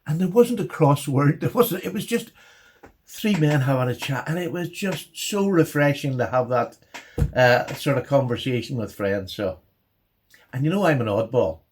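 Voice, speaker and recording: A middle-aged man talks casually to his channel's viewers. He is eager and bubbly, tripping over his words and laughing between thoughts. His voice sits at an ordinary male pitch. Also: normal speed, a little hiss or hum. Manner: excitable, chatty, frequent restarts and laughs. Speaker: knife channel host. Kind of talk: casual chat to camera.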